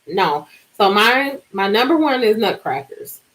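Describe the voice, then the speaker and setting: A woman in her forties hosts a relaxed live stream and chats directly with her viewers. She tells her stories in an animated way and draws out words for emphasis. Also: medium pitch, rough recording. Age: 40s. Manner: animated, chatty storytelling with drawn-out words. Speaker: livestream host.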